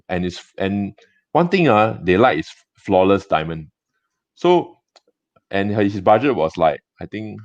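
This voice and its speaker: A man's voice: low voice, dry recording. Singaporean guy, gem shop owner, chatty rambly stories full of restarts, dull dry lo-fi sound. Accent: Singaporean English. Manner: chatty, halting with many restarts and fillers. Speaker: gem and jewelry business owner. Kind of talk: casual interview storytelling.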